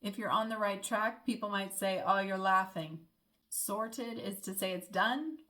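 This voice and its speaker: A woman's voice: medium pitch, steady tone, unhurried, bright, forceful tone. Chatty young American woman vlogging. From United States. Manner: chatty, friendly, explaining with small laughs. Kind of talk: casual explainer vlog.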